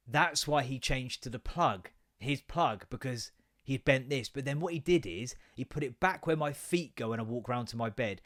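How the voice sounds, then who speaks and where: A man's voice: on the high side, a bit bright. A man, a podcast host telling an exasperated, sweary story about his kids. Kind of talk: casual ranting monologue.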